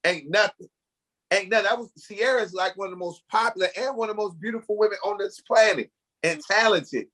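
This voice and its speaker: Casual podcast host, slightly high voice. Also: male voice, fairly quick, bright, forceful tone. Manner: casual, steering the talk.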